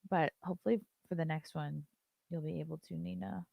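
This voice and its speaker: A woman's voice: deep voice, steady tone, brisk, creaky, no room sound, muffled recording. A woman hosting a live-stream show, chatting loosely, reading viewer messages aloud and swearing casually.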